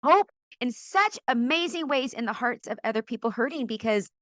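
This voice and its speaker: A middle-aged woman from California, a podcast guest and author, telling her faith story in an animated way, acting out quoted voices and laughing often. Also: fairly high pitch, normal speed, dry recording. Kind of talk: animated testimony in a faith interview.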